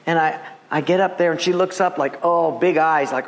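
A man's voice: on the high side, normal speed. A male pastor preaching a sermon, telling stories with humor and acting out the people in them. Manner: storytelling with humor and acted quotes.

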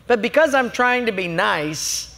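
A man's voice: high voice, animated, a little slow, gravelly, sharp tone, in a large hall. A man preaching a sermon as a pastor, emphatic and humorous, telling stories to make his points.

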